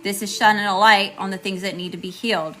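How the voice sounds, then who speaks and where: A woman's voice: medium pitch, fairly even intonation, fast talker, a bit bright, soft background music. A woman giving a live tarot reading, chatty and informal, greeting viewers and often checking in with "okay?". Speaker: tarot reader.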